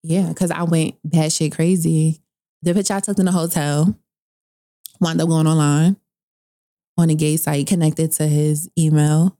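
A young woman, telling a personal story in casual chat. She is animated, swears freely, and jumps high in pitch when she quotes people. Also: unhurried. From New York.

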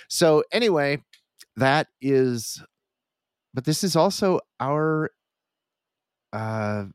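A man's voice: fairly low pitch, no echo, studio quality. Stuffy, nasal man hosting a podcast. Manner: rambling, self-correcting. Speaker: podcast host. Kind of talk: casual podcast chat.

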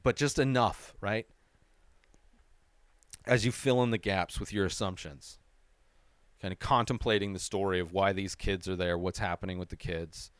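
Man reviewing a film, excitable and profane, smooth clear voice, dry close sound. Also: low voice, normal speed, long pauses, no room sound. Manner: excitable and swears freely, often tags "right?". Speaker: movie review show host. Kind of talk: casual spoken movie review.

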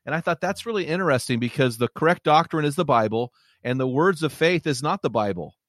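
A man hosting an interview, relaxed and reflective, asking about a guest's story. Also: fairly high pitch, fairly quick, dry recording, studio quality. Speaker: host. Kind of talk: casual interview.

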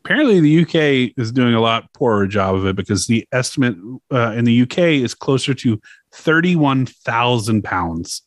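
A man's voice: medium pitch, lively intonation, moderate pace, no room sound, clean studio sound. Chatty male podcast host. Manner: chatty, explaining from notes, laughs a lot, swears. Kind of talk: casual chat.

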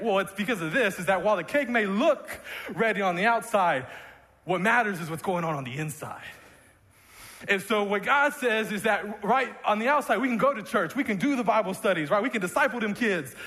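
A man's voice: high voice, fairly bright tone. A man preaching a sermon in a church, conversational and jokey with many restarts. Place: church sanctuary. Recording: long reverb of a church hall.

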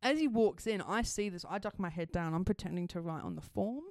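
A young Australian woman co-hosting a podcast and telling a story in casual chat. She talks in an animated way, laughs often and swears freely. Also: mid-range voice, brisk, dry recording, clean studio sound. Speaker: podcast co-host.

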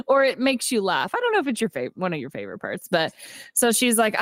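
A woman's voice: lowish voice, big pitch swings, brisk, no echo, studio quality. A young adult woman co-hosting a casual movie podcast, chatty and retelling scenes with quoted lines. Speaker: podcast co-host. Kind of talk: casual movie recap chat.

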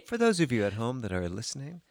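A man's voice: mid-range voice, wildly swooping pitch, quick pace, creaky, darkish tone, dry recording. A man co-hosting, making dry, teasing asides.

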